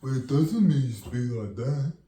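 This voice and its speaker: A man's voice: medium pitch, lively intonation, normal speed, warm tone, reverberant, recorded from a distance, pitched above the performer's own voice, natural voice. A man putting on a different voice to scold himself mid-soliloquy.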